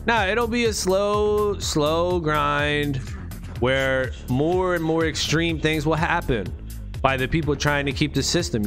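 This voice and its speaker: A man's voice: on the high side, slow, fairly bright tone, faint music behind. Profane, emphatic man ranting. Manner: profane, emphatic, street slang. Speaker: vlogger. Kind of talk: casual ranting monologue.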